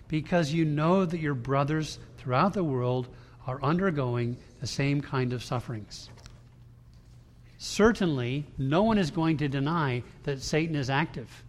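A man preaching a sermon to his congregation in a conversational style, with frequent restarts and emphatic quoted lines. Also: on the high side. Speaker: pastor. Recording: long hall reverb.

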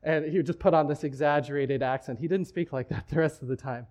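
Conversational male preacher, slightly high voice. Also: quick pace, darkish tone. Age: adult, married. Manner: conversational preaching with frequent restarts. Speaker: pastor. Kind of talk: sermon. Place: church.

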